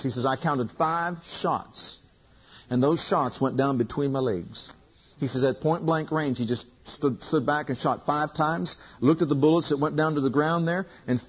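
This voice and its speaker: A man's voice: on the high side, breathy edge. A man preaching a sermon, telling a story with acted-out dialogue and emphatic repetition. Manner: emphatic, repeats lines, acts out dialogue. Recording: dull lo-fi recording.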